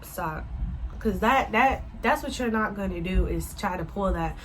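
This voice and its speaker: A woman telling a casual storytime to her viewers, animated and swearing freely as she addresses them as y'all. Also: mid-range voice, normal speed, a little hiss or hum, rough recording. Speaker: vlogger.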